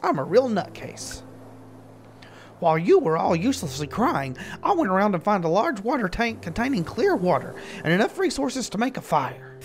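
A man voicing a bossy, impatient male survivalist who talks in a pushy, rushed way. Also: high-pitched, very animated, a little hiss or hum, pitched above the performer's own voice.

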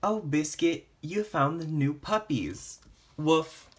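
A man reading a picture book aloud to children, gently, with playful barks and meows for the animals. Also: medium pitch, very animated, slow, a little hiss or hum. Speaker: storytime reader.

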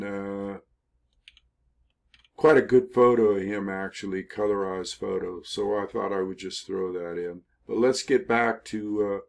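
An older man telling a history story in a casual, rambling way, with many pauses, fillers and self-corrections. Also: fairly low pitch, darkish tone. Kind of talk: casual spoken history narration over photos.

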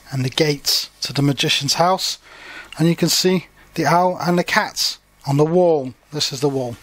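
A man's voice: fairly high pitch, unhurried, a bit bright. A man reading a children's story aloud as a language teacher, stopping to explain words simply.

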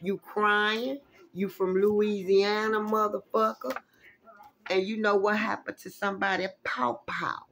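Slow-talking animated woman reading tarot. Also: mid-range voice. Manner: animated, exclamatory, salty and profane. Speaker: tarot reader.

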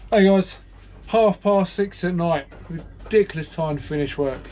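This British sailor vlogs casually about fixing up his boat, self-mocking and meandering as he chats with his audience. He sounds high, unhurried and mellow. The low-quality recording carries a little hiss or hum.

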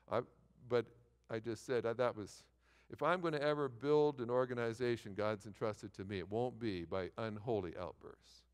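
Middle-aged guy preaching, smooth clear voice, big church echo, keeps restarting sentences. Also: fairly low pitch. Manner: animated storytelling with repeated false starts. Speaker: pastor. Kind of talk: sermon. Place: large church sanctuary. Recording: long hall reverb.

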